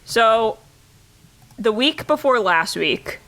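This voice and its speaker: A woman's voice: on the high side, expressive, slow pace, fairly bright tone. A woman co-hosting a casual podcast, talking in a chatty, loose way with frequent fillers and laughs. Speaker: podcast co-host. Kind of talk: casual chat.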